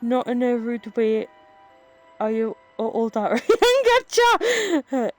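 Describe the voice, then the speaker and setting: A woman's voice: fairly high pitch, flat delivery, measured pace, warm tone, soft background music. A woman, chatting casually with her live chat, laughing often and telling rambling stories. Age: 30s. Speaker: streamer.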